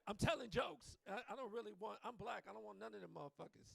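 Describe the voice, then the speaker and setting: A man's voice: high voice, expressive, quick pace, creaky, fairly bright tone, slightly rough. A man performing a live stand-up set on a comedy club stage, swearing freely and teasing the crowd. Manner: profane, loose, teasing the crowd.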